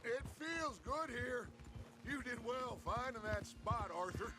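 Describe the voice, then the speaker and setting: Smooth-talking game gang boss, high-pitched and persuasive, over noisy game audio. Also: male voice, lively intonation, takes it slowly, full character voice. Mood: wistful. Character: charismatic middle-aged male gang leader, grandiose. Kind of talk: video game dialogue.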